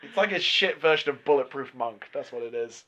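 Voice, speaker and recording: Swearing, animated young man. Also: medium pitch, fairly quick. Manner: animated, profane ranting. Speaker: podcast co-host. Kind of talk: casual chat. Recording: lo-fi podcast recording.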